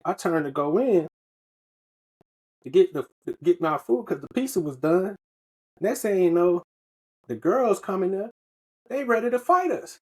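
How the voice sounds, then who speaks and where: Man, podcast co-host, husky voice that sits a bit high, rambling slangy storyteller. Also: animated, a little slow, pauses often. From Southern United States. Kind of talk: casual storytelling chat.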